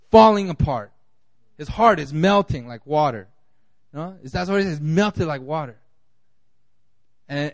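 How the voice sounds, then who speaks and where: A man's voice: high-pitched, dry recording. A man preaching a conversational sermon, restarting often and filling with "you know.". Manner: conversational, many fillers and restarts. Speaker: pastor.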